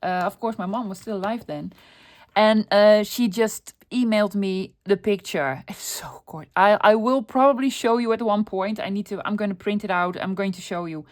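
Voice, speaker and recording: A woman's voice: mid-range voice, normal speed, darkish tone. Chatty woman talking to herself while crafting. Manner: chatty, talks to herself while working, laughs often. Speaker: crafting video host. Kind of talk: casual crafting tutorial chat.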